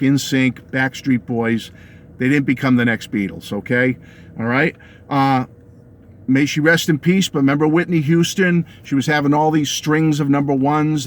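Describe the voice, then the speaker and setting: A man's voice: mid-range voice, a little hiss or hum. A middle-aged man with a New England accent talking casually to his viewers about music. He laughs often and keeps checking in with them. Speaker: music vlogger. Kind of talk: casual opinionated monologue to camera.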